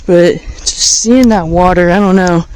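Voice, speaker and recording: High-voiced man vlogging outdoors. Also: measured pace, a little mellow, slight background noise, rough recording. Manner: chatty, easily amazed, talks to viewers directly. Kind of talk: casual walking vlog. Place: outdoors by a river bridge in a small town. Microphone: handheld camera.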